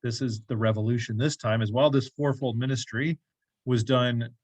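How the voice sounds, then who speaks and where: A man's voice: medium pitch, steady tone, normal speed, darkish tone, breathy edge, no room sound. A man leading a church bible study group, talking casually, asking the group questions and making joking asides. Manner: conversational, asks the group questions, jokey asides. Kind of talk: casual teaching talk. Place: church classroom.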